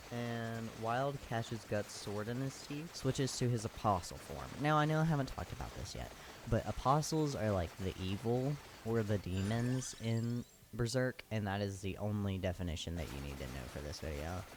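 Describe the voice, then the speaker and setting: A man's voice: on the low side, background noise. A man doing a crude, sarcastic comedy recap of an anime, full of slang and swearing.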